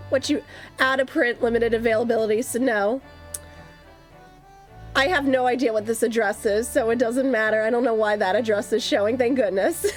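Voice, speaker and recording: A woman streamer chatting casually with her viewers, rambling and laughing often. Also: a little high. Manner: chatty, giggly, rambling with fillers. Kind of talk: casual live-stream chat. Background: faint lofi music.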